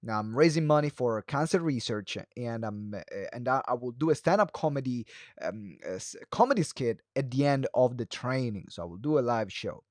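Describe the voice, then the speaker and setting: A man teaching a live webinar as a speaking coach, talking quickly with many fillers and restarts and shifting his pace and pitch for emphasis. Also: lively intonation, no room sound, studio quality. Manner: fast talker who varies pace and pitch; moves hands and head while talking.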